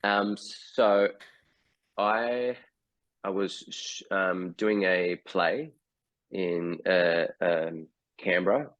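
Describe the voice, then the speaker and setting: A man's voice: deep voice, extremely slow, fairly bright tone, muffled recording. A man in his forties with an Australian accent, a guest actor telling stories in a casual video-call interview, hesitant with many fillers.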